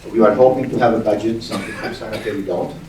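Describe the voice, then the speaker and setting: A middle-aged man, a university's acting president, speaking at a town hall in a halting way and repeating words as he thinks aloud. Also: on the low side, fairly even intonation, a little mellow, slight background noise. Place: large hall with audience. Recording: echoey hall, distant mic.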